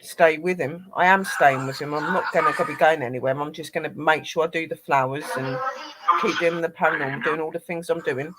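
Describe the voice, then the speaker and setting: A woman's voice: low-pitched, fairly even intonation, a little fast, very noisy. A woman hosting a live paranormal panel chat, speaking tenderly to her late grandad through a spirit box.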